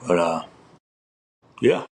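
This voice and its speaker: A man co-hosting a podcast, chatting casually in a rambling way, full of fillers, with animated outbursts. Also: drawn-out words. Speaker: podcast co-host. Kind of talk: casual conversation.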